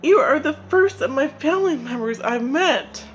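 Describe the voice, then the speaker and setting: A woman's voice: lively intonation, normal speed, slight background noise, poor audio. Woman voicing a shrieking trickster spider. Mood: pleading. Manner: high wailing pleas and shrieks. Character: sly crying male spider trickster.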